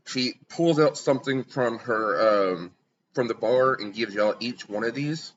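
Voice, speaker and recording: A man's voice: medium pitch, measured pace, highs cut off, a little hiss or hum. A man narrating as game master of a tabletop game, talking loosely and casually.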